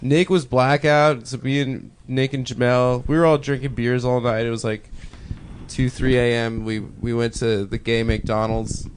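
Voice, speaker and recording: Young man, laid-back halting anecdotes, middle pitch, casual podcast chat. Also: little pitch movement, a little hiss or hum. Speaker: podcast co-host.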